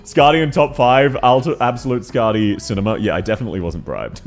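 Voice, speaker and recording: A man's voice: mid-range voice, brisk, faint music behind. A man streaming live, chatting casually and reading chat aloud, giggling often and sounding manically happy.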